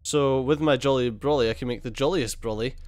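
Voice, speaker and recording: A man's voice: medium pitch, a little fast, darkish tone, dry recording. A man giving casual let's-play commentary, thinking aloud as he explores the game's menus. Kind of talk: gameplay commentary.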